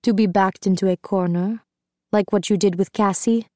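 Woman doing a young male dancer, menacing, hushed whisper, slow taunting drawl, dark mellow tone. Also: mid-range voice, fairly even intonation, no room sound, clean studio sound, close to an everyday voice.

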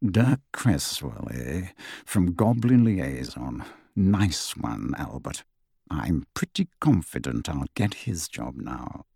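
A man reading an audiobook, voicing a leering, bushy-whiskered middle-aged wizard who mutters low and slow. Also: huge pitch swings, gravelly, dark tone, husky, no room sound, studio quality, exaggerated voice. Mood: sly.

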